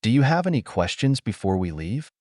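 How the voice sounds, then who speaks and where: A man's voice: mid-range voice, sing-song, brisk, a little mellow, dry recording, studio quality, natural voice. A man voicing a sarcastic boy ninja. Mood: commanding.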